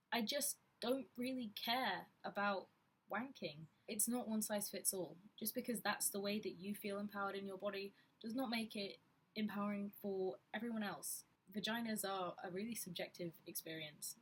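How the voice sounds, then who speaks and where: A woman's voice: medium pitch, a bit bright, husky. A woman talking frankly and reflectively to camera in a personal vlog. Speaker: vlogger. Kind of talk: candid personal vlog talk.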